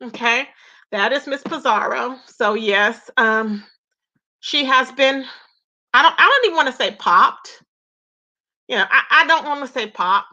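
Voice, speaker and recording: A woman's voice: high voice, lively intonation, measured pace, long pauses, sharp tone, lo-fi sound. A woman talking casually to her viewers in a gossip vlog, repeating herself and calling them "child" and "y'all". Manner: chatty, repetitive, addresses viewers as "child" and "y'all". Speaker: YouTube commentator.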